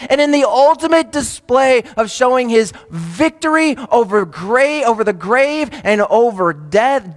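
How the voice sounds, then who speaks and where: High-voiced preacher in a reverberant hall. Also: male voice. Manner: swings between loud emphatic lines and hushed, soft asides. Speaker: pastor. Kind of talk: sermon.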